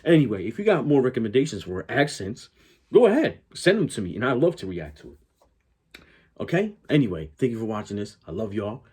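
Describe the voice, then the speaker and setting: A man's voice: fairly low pitch, big pitch swings, fast talker, darkish tone, husky. A man hosting a reaction channel, rambling casually and swearing freely.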